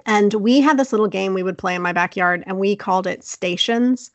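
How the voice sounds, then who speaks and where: A young woman casually telling a childhood story on a podcast, animated and laughing often. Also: mid-range voice, brisk, no echo. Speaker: podcast co-host.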